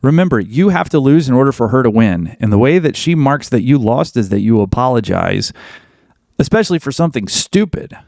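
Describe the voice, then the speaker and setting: Blunt, gravelly-voiced man giving advice. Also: mid-range voice, lively intonation, brisk, a little mellow, dry recording, clean studio sound. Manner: blunt, emphatic, repeats points. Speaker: podcast host. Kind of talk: advice monologue.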